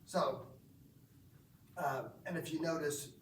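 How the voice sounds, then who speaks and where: A man's voice: a little high, slow pace, distant mic, background noise. Man teaching breathwork in an echoey room. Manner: explanatory, asks the group questions. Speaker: breathwork instructor. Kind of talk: instructing a group. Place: gym or team room.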